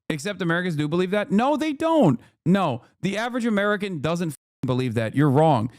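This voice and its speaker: A man's voice: on the high side, a little mellow, no room sound, studio quality. A man streaming, giving blunt, heated political commentary in a casual way with plenty of swearing.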